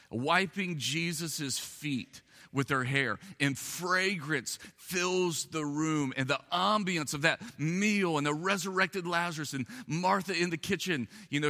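A male pastor delivers a sermon in a bright, forceful voice pitched a little above the usual. His pace swings from brisk asides to slow, weighty phrases, and the sound carries a long echo through a church hall. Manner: expressive, shifts between quick asides and slow emphatic phrases. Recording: echoey hall.

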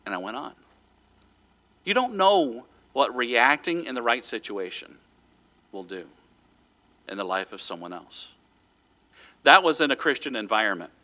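A man's voice: mid-range voice, big pitch swings, measured pace, pauses often, bright, forceful tone. A man giving a sermon as pastor, telling a story in a conversational way and chuckling lightly now and then.

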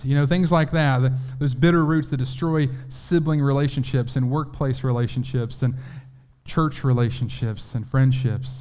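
Guy preaching, chatty, acts out quotes, restarts a lot, middle pitch. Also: warm tone. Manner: conversational, with acted-out quotes and frequent restarts. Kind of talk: sermon.

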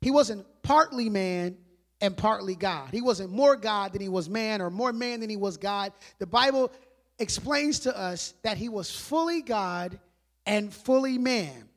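A high-pitched man preaching to a church, talking like a conversation. He fires off rhetorical questions, then drops his voice low and soft to stress a point. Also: unhurried. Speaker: pastor. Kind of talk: sermon.

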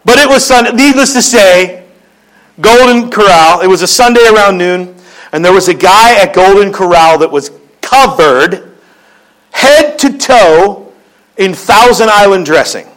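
A man's voice: high voice, normal speed, a bit bright, low-quality recording. A man preaching a sermon, telling stories in a joking, conversational way. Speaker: pastor.

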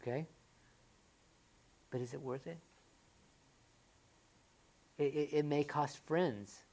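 A woman preaching a sermon in a church, moving between loud, excited rhetorical questions and quiet, earnest appeals. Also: deep voice, slow, pauses often.

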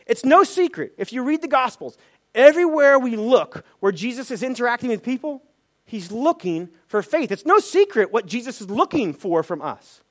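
A man's voice: very high-pitched, sing-song, moderate pace, a bit bright. A man preaching a sermon, asking rhetorical questions and acting out the lines of people in the story. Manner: acts out quoted voices, many rhetorical questions. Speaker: pastor.

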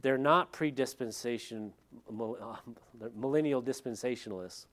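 A man's voice: mid-range voice, normal speed, a bit bright. Man preaching a conversational sermon. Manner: conversational, with joking asides. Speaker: pastor.

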